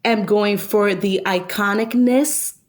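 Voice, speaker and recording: Slow-talking woman chatting casually. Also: medium pitch, fairly even intonation. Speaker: podcast guest. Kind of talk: casual chat.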